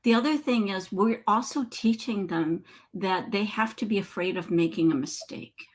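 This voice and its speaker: Woman counselor, guest on a talk show, measured and teacherly, uses rhetorical questions. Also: mid-range voice. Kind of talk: explaining to a host in conversation.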